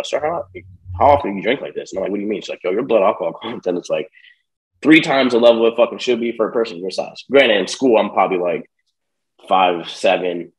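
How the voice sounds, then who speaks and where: A young man with a voice on the low side, recorded in low quality, appears as a podcast guest recounting a long story from his life. He swears often and brings the people in it to life with streetwise, animated impressions.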